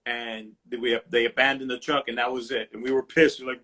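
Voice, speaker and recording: Husky male livestream host, animated storyteller, salty language. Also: medium pitch, fairly quick, few pauses. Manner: animated, profane storyteller acting out quotes. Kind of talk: casual storytelling chat. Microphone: livestream phone mic.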